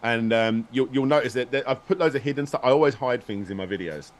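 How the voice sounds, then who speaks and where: A man's voice: mid-range voice, fast talker. A man telling a story in a casual stream chat, rambling and restarting as he goes. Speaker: guest, video maker.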